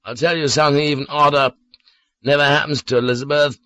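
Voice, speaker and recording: A man doing a drunken, lonely man in an audiobook, pitched noticeably higher than the plain reading voice. His speech comes out slurred and grudging, heavy with suspicion, and the close, dry recording keeps every word near. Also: fairly even intonation, quick pace, sharp tone, no echo. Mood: morose drunk. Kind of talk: audiobook character voice.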